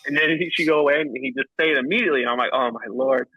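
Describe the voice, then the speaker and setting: A man who plays paintball professionally, a podcast guest telling stories in a casual, animated way, full of restarts and acted-out quotes. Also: very fast, muffled recording. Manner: animated, acts out quotes with pitch jumps and frequent restarts. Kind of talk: casual storytelling chat. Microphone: remote call line.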